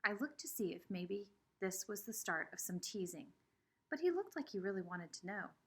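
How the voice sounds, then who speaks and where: A woman's voice: mid-range voice, moderate pace, slightly rough. A woman reading a children's novel aloud with expression. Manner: expressive, shifting between voices. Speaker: reader.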